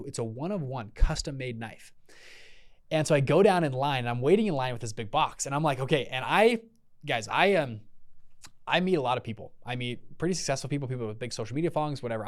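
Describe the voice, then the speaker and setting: A young man hosting a podcast, telling a story casually and animatedly, acting out the voices of the people in it. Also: medium pitch. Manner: animated, acts out quoted voices. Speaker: podcast host.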